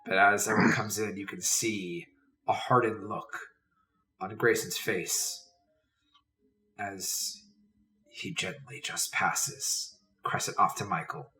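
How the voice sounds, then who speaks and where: Deep-voiced game master narrating. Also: male voice, fairly even intonation, slow pace, long pauses, bright, forceful tone. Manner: dramatic second-person narration. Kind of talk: narrating a tabletop role-playing game. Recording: distant mic with faint hiss.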